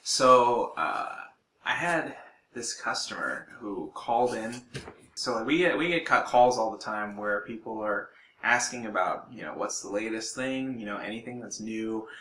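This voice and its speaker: Young man, casual storytelling, chatty with fillers, bright tone, echoey room. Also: on the low side, lively intonation, measured pace, slight background noise. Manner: chatty, lots of "like" and restarts. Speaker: gun shop employee telling a work story.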